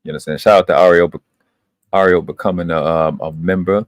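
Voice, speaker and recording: Male stream host with a very low voice who lectures emphatically and swears freely, recorded close and dry. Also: fairly even intonation, fast talker, dry recording. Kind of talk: casual profane monologue.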